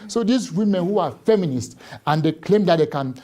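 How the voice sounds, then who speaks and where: A man's voice: high-pitched, animated, brisk, mellow. A man, a Catholic priest talking on a live studio show, emphatic, repeating words and asking rhetorical questions. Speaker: Catholic priest and book author, studio guest.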